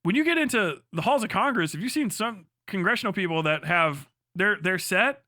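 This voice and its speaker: Guy streamer ranting hard, swears a ton, sarcastic, highish voice, dry close mic. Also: animated, brisk, pushed and bright, no echo. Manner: profane, heated and sarcastic. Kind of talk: livestream rant.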